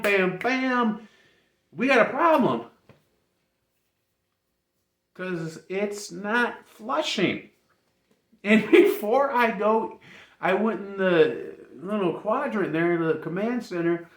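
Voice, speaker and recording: An animated man spinning a comic story to camera, laughing often and insisting he isn't making any of it up. His voice sits a little higher than most men's. The sound is roomy and echoey. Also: measured pace. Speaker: vlogger. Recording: roomy echo.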